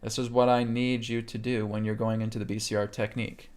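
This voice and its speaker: A man instructor leading a live webcast lesson, calmly talking listeners through breathing steps and checking in with "okay?" after each point. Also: mid-range voice, brisk. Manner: calm guiding delivery, keeps checking in with "okay?". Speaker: meditation instructor. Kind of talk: live webcast teaching a healing technique.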